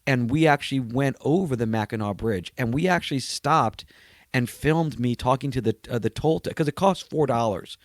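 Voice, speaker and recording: A man's voice: medium pitch, moderate pace, dry recording, clean studio sound. A male comedian, a guest on a casual podcast, telling road stories in a conversational way. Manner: storytelling, acts out voices of people he met.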